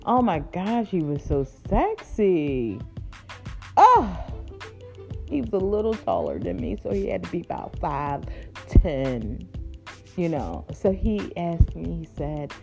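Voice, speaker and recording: A woman spins a funny personal story in a casual, laughing way. Her voice is mellow, and her pitch jumps around with lively swings. Soft music plays faintly in the background. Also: unhurried, gravelly. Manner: playful, laughing, chatty, addresses listeners as y'all and honey.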